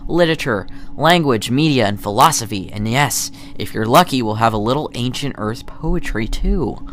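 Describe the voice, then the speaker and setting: A man's voice: medium pitch, normal speed, fairly bright tone, a little hiss or hum, pitched above the performer's own voice, close to an everyday voice. A man voicing an eager, enthusiastic male teacher in a video game who speaks in an upbeat way.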